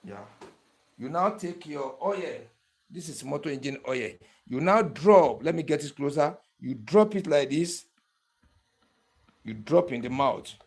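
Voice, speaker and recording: A man's voice: a little high, expressive, unhurried, a little mellow, breathy edge. Man talking a viewer through each step. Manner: repetitive step-by-step instructions, keeps checking the viewer follows. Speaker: barber tool instructor. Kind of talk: hands-on tutorial demonstration.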